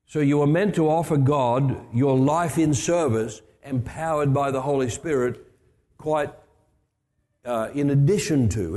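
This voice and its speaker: A man's voice: mid-range voice, mellow. Older preacher man in a reverberant hall. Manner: conversational, with asides and restarts. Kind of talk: storytelling sermon.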